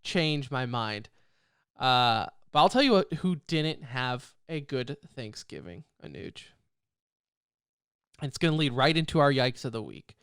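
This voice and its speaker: A man co-hosting a casual esports podcast, talking in an animated, rambling way and laughing often. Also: medium pitch, a little slow, clean tone, no room sound, studio quality. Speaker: podcast co-host.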